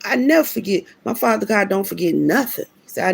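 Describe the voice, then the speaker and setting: Gravelly-voiced woman preaching about karma. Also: medium pitch, lively intonation, brisk. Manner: emphatic, preachy, slangy, with many restarts. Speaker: vlogger. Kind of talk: casual spiritual storytelling.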